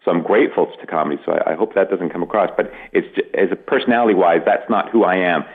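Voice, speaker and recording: A middle-aged Canadian comedian with a Canadian accent, giving a dry, self-deprecating radio interview with many restarts. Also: male voice, deep voice, quick pace, slightly rough, narrow, tinny audio. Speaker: comedian guest.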